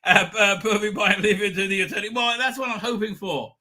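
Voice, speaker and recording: Brisk and steady in tone, this middle-aged livestream host speaks in a high, pushed, bright voice. Reading viewer comments in casual live chat, he rambles, restarts often, leans on fillers and stays irreverent.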